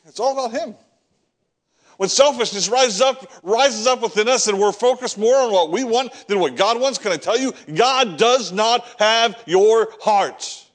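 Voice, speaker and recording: A man's voice: high voice, unhurried. A man preaching a sermon, reading scripture and acting out the prophet's prayers, repeating words as he builds each point. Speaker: pastor.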